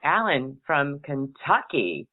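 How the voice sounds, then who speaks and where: A woman's voice: low voice, big pitch swings, slow, narrow, tinny audio. Middle-aged lady host telling a funny story, laughy and chatty, sounds like over a phone. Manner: chatty, laughs between sentences. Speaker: talk show host. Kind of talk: casual storytelling on a call-in show.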